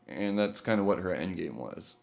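A man's voice: deep voice, expressive, creaky, a little mellow. A male podcast co-host in casual chat, reading an article aloud with loose, profane asides. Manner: loose, profane, laughs often, reads haltingly.

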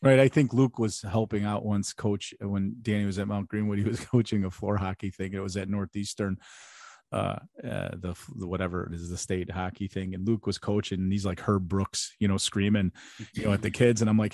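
Quick-talking low-voiced male host. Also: little pitch movement, gravelly, a little mellow, no echo, clean studio sound. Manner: fast, chatty storytelling with laughs. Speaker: podcast host. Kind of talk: casual chat.

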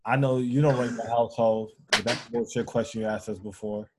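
A man's voice: medium pitch, steady tone, fairly quick, background noise. A laid-back man making brief remarks in a casual podcast chat.

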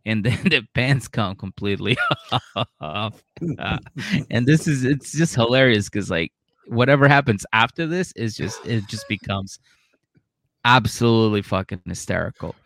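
A man's voice: lowish voice, normal speed, a bit bright. A man hosting a casual comedy podcast, retelling a reality show with swearing and laughter. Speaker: podcast host.

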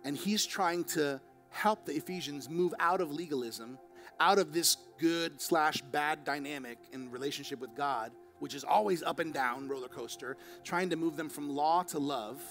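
A man preaching a sermon as pastor, moving between quiet, slow passages and quick, raised emphatic bursts. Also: on the high side, soft background music. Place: church.

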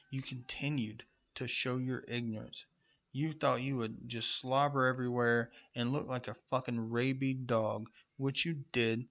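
A man delivers a heated, profanity-laced rant full of mocking rhetorical questions. His voice sits in an ordinary middle pitch. The recording is dull and lo-fi. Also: fairly bright tone. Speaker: political commentator. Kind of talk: angry political rant. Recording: muffled lo-fi recording.

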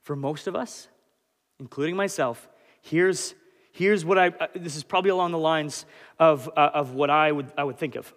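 A man's voice: on the high side, moderate pace. Young man preaching in a reverberant hall. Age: 20s. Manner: animated, conversational, self-deprecating. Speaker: pastor. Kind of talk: sermon. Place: church hall.

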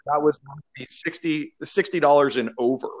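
A man from Canada telling stories in casual chat, animated and laughing as he acts out quotes. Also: fairly high pitch, a little fast. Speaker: beverage marketer.

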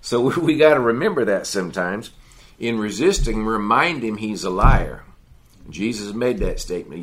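A man's voice: lowish voice, animated, normal speed, a bit bright. A man teaching a men's Bible study in a folksy, conversational sermon style, often adding "you know" and "see".

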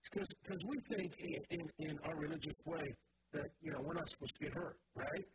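A male pastor preaching a sermon with passion, his voice climbing from quiet asides to shouted lines. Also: a little high, brisk. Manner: impassioned preaching, swings from soft to shouting. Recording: noisy church recording.

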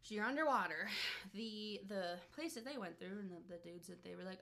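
A young woman in loose, rambling conversation, full of fillers and quick laughs. Her voice is bright and sits at an ordinary middle pitch. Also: lively intonation, gravelly. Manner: rambling and giggly, lots of fillers. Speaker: podcast co-host. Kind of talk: casual chat.

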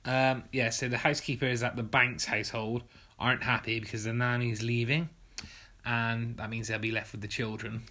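A woman's voice: rumbling low, little pitch movement, moderate pace, sharp tone. A woman in her thirties from England, co-hosting a podcast with dry, wry, self-deprecating humour. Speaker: podcast co-host. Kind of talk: casual chat.

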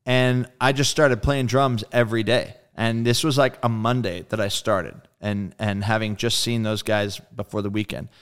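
A man being interviewed as a guest musician, telling a story in a casual, animated way, acting out quoted dialogue and swearing freely. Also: on the low side, moderate pace, hardly any pauses, clear, resonant tone.

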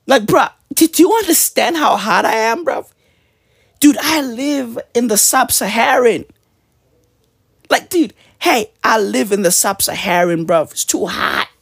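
A man delivering a profane, slang-heavy comedic rant on his weekly show, full of mock outrage and sudden high shouts. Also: vocal fry, breathy edge, no room sound, studio quality. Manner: profane, animated, peppered with slang. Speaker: comedy podcaster.

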